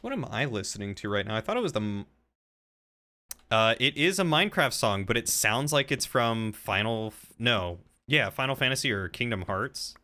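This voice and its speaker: A man's voice: mid-range voice, animated, moderate pace, bright, forceful tone. A man chatting casually on a stream with a friend in a friendly, joking way. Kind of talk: casual chat.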